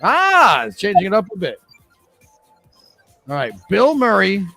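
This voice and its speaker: A man's voice: high voice, wildly swooping pitch, measured pace, vocal fry, pushed and bright, faint music behind. A man hosting a live trivia game, reading questions and answer choices in a chatty, joking way. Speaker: trivia host.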